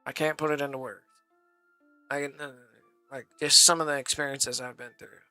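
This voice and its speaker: A man's voice: mid-range voice, fairly even intonation, moderate pace, sharp tone, dry recording, faint music behind. A man rambling through a casual, profane story on a live stream, saying "bro" constantly.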